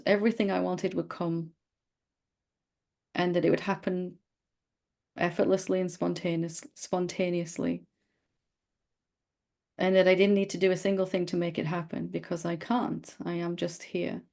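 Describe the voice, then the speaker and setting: A middle-aged woman guides a satsang dialogue as a spiritual teacher, speaking gently and playfully with the occasional tease. Her voice sits on the low side and has some vocal fry.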